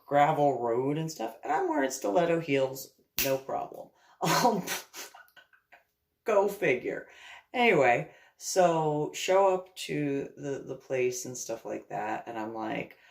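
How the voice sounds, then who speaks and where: A woman from New Jersey telling a long, rambling story in a casual vlog, laughing often and acting out what she said. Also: low voice. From New Jersey, USA. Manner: rambling, laughs often, acts out her own orders. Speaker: vlogger.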